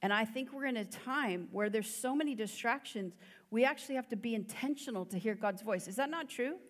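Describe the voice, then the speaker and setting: Woman, guest preacher, sermon, fairly high voice, earnest and chatty, long hall echo. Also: a little fast. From United States. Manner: conversational, earnest, many "you know" fillers. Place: church hall. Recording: long church hall reverb.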